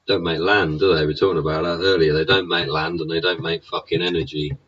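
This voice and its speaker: Man, deep husky voice, profane ranting monologue, muffled lo-fi recording. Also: flat delivery, fast talker, fairly bright tone. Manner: swears constantly, rhetorical tags like "innit" and "yeah". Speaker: show host. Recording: dull lo-fi recording.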